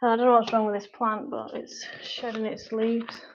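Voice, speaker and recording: A personal trainer and online fitness coach with a Mancunian-Lancashire accent chats through a live workout, out of breath and sighing between sets. Her voice is fairly high with a flat delivery at a moderate pace. The audio is dull, with a little hiss or hum.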